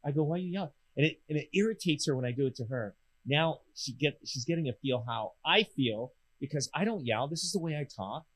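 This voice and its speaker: A loud, animated man, talking in casual chat. His voice sits at a middling pitch and he projects every word, a man in his fifties who belts things out. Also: fairly quick, hardly any pauses, poor audio. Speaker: real estate radio show host.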